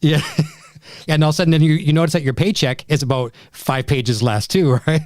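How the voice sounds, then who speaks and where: Fast-talking chatty male host. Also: a little high, darkish tone, no echo, clean studio sound. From Canada. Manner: quick, chatty, affirming with frequent yeahs. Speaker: podcast host. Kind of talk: casual chat.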